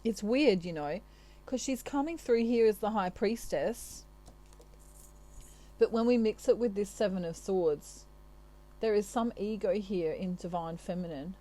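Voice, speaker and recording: A woman's voice: mid-range voice, unhurried, mellow, rough recording. A woman from Australia giving a channelled tarot reading in a chatty, reassuring way, with many asides. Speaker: tarot reader.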